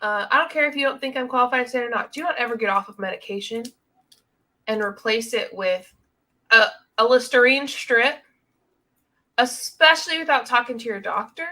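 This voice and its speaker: A woman's voice: a little high, brisk, sharp tone. A woman co-hosting a casual reaction commentary, blunt, outspoken and joking. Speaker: co-host.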